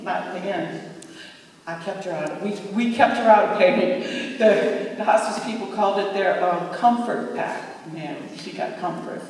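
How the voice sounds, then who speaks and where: A woman's voice: medium pitch, a little mellow. A middle-aged woman speaks a heartfelt eulogy in a loose, chatty way, her voice catching with emotion now and then. The recording is taken from far back in a large, very echoey opera house, with a long reverb tail and faint room noise. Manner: emotional, conversational, laughing through tears. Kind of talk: heartfelt memorial tribute.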